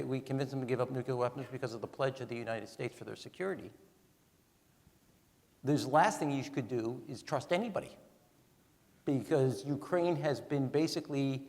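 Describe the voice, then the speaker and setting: A man in his sixties, a former ambassador, speaking onstage in an animated, emphatic way and counting off his points. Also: medium pitch. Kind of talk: onstage conversation. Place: large event hall. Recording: long hall reverb.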